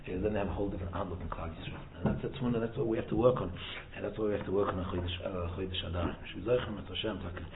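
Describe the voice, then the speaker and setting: A man's voice: medium pitch, noisy background. A man giving an informal Torah lesson as a rabbi, repeating words and restarting, mixing in Hebrew and Yiddish terms. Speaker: rabbi teaching a Torah talk. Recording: tinny phone-like echoey room recording.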